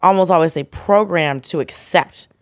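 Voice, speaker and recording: A woman's voice: lowish voice, moderate pace, no echo, studio quality. A woman comedian from the United States, telling stories bluntly and with energy in a casual podcast chat, acting out the dialogue she quotes. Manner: animated storytelling, acts out quoted dialogue, blunt. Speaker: guest comedian.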